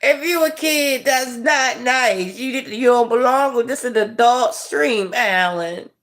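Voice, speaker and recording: Middle-aged woman, livestream host, slow easygoing chat, frequent chuckles. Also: fairly high pitch, a bit bright. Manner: laid-back, drawn-out delivery, chuckling while reading chat. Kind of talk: casual livestream chat with viewers.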